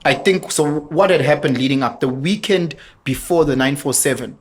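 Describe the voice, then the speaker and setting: Young south african guy, fairly high voice, animated chatty storyteller who laughs a lot. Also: moderate pace. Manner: animated, laughing, mixes in Zulu. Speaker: podcast guest. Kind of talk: casual storytelling chat.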